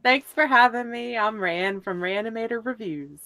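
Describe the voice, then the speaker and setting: A woman's voice: fairly high pitch, normal speed, bright, forceful tone, dry recording. A woman guest on a casual live stream, making dry quips between laughs.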